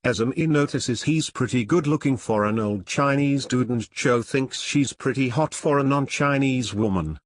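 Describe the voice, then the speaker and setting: A man narrating a crude comic story in a wry, deadpan way. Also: mid-range voice, measured pace, few pauses, no room sound.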